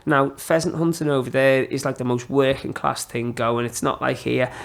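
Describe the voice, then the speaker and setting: A middle-aged man, a podcast guest, telling rambling, animated anecdotes in casual chat, full of fillers. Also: medium pitch, normal speed, creaky.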